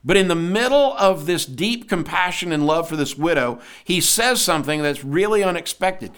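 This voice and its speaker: Male podcast preacher, earnest and emphatic, slightly higher voice, devotional sermon read. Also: animated, moderate pace, few pauses, fairly bright tone, clean tone. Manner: earnest, asks listeners rhetorical questions.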